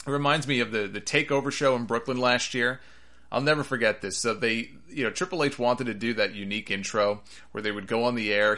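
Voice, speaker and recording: A man's voice: mid-range voice, pushed and bright. A man hosting a wrestling podcast, rambling and sarcastic in casual commentary.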